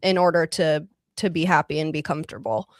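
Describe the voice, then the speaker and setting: A married woman joining a talk show, speaking in a calm, measured way. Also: deep voice, no room sound. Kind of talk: casual conversation.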